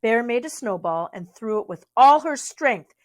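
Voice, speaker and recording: A woman's voice: fairly high pitch, expressive, moderate pace. A young adult woman reading a storybook aloud, with chatty asides to young listeners. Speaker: reader.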